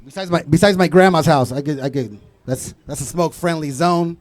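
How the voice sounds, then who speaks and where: A young man from Southern California doing a stand-up comedy set with loud, crude crowd work and Spanish asides. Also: fairly high pitch, brisk, dry recording.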